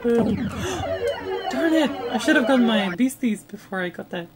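A woman hosting a retro gaming video, reacting loudly to the game with laughs, gasps and exclamations. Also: fairly high pitch, animated, brisk, a loud crowd. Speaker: gaming channel host. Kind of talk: excited let's-play commentary. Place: home, playing retro computer game. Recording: game music loud behind.

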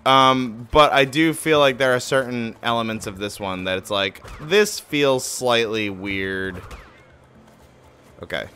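A man giving live commentary while he plays a game. He is excitable, swears a lot and mocks his own mistakes. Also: mid-range voice, slow, faint music behind. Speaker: game streamer.

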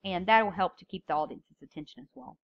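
A woman's voice: medium pitch, expressive, fast, creaky, muffled recording. A woman teaching a public speaking class, explaining step by step and stressing key words when she reads example openings. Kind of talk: recorded lecture.

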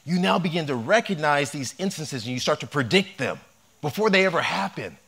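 A man who is a cardiologist giving a health lecture, animated and telling humorous stories. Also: fairly high pitch, fairly quick, creaky, slightly rough.

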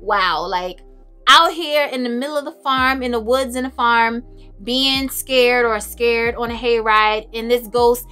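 Young woman vlogging about perfume, bright n expressive, laughs a lot, bit of music under it. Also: a little high, a little slow, clear, resonant tone. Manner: chatty, expressive, laughs often, dramatic asides. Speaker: beauty and fragrance vlogger. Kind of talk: casual chat to camera.

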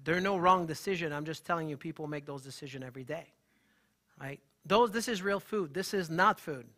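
A holistic health practitioner, male, speaks fairly quickly in a slightly high voice. His live talk is animated and emphatic, and he engages the room in playful back-and-forth.

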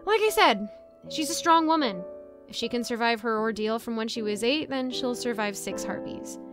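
A woman's voice: fairly high pitch, lively intonation, normal speed. A woman narrating a first-person story in a casual, chatty way, rambling into asides. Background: soft background music.

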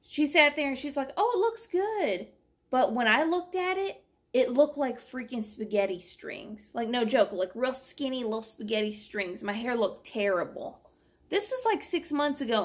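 A young woman tells a long, rambling story to her camera at home, animated and exasperated. Her voice sits a little high and has a gravelly edge of vocal fry. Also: moderate pace. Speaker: vlogger. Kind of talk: casual storytelling vlog.

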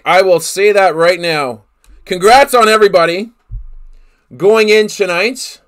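A man's voice: high voice, measured pace, fairly bright tone. A man hosting a live card break, calling out each player he pulls and exclaiming over the big hits. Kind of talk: live card-opening commentary.

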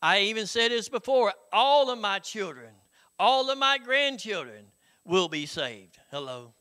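High, bright-voiced pastor. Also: male voice, sing-song, measured pace, clear, resonant tone. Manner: folksy, conversational preaching with frequent "Hello?" call-outs and chuckles. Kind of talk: sermon.

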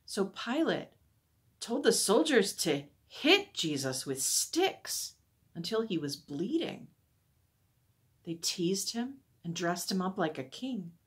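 Breathy woman reading a story to children. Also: medium pitch, slow. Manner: expressive, asks wondering questions. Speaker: church staff storyteller for children.

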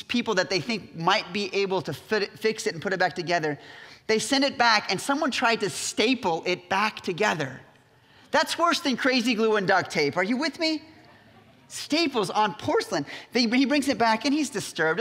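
A man preaching a sermon as pastor, telling the story in a lively way and acting out the quotes. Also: sits high. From United States. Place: church sanctuary. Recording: reverberant church hall.

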